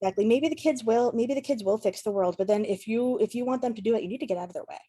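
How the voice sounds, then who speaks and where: A woman's voice: on the high side, very fast, warm tone, husky. A woman speaking as a climate education advocate on an online panel, rambling and emotional, laughing often. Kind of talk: panel discussion on a video call.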